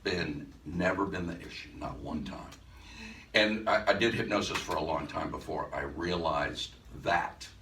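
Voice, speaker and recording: A man with an extremely low voice recounts a class demonstration to a live audience, stopping to restart his sentences and playing out both sides of a conversation. He is picked up by a distant mic in an echoey room with a faint hiss. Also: a little slow, sharp tone. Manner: conversational, with frequent restarts and acted-out dialogue. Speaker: hypnosis instructor. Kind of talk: storytelling lecture to a live audience.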